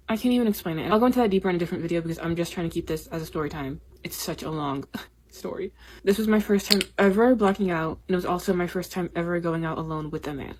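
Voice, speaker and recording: A woman's voice: mid-range voice, darkish tone. A young woman telling her own story to the camera in a casual, confessional way, full of "like" and "literally". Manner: chatty, confessional, peppered with 'like' and 'literally'; grows indignant and emphatic.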